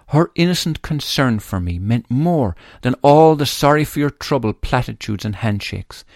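Earnest low-voiced man reading his memoir. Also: a little mellow, dry recording, clean studio sound. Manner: earnest, grieving, deliberate reading. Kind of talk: reading aloud from his own writing.

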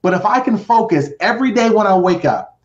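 Heard in a roomy, dull lo-fi recording, a middle-aged podcast guest tells his own story theatrically, voicing characters and counting down. He has a high, animated voice and talks fairly quickly.

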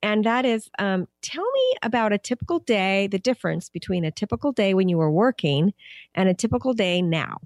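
A woman's voice: medium pitch, very animated, a little fast, no echo. An American woman hosting a podcast, asking a guest questions in a friendly, casual way. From United States. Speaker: podcast host. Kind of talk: casual interview.

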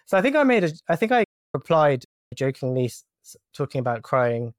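A man's voice: mid-range voice, sing-song, fairly quick, no echo, clean studio sound. A young man, a doctor, chatting casually on a podcast, jokey and hesitant with frequent restarts.

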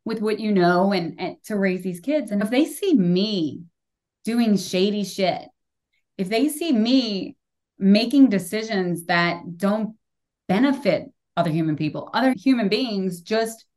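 A woman's voice: medium pitch, animated, measured pace, darkish tone. Frank woman in her forties hosting a podcast. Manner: frank, swears casually, emphatic. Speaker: podcast host. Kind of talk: casual conversation.

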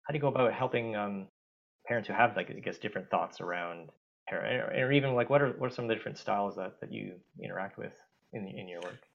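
A man's voice: fairly low pitch, fast talker, creaky. A man interviewing a guest, asking questions hesitantly with fillers and restarts. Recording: dull lo-fi sound.

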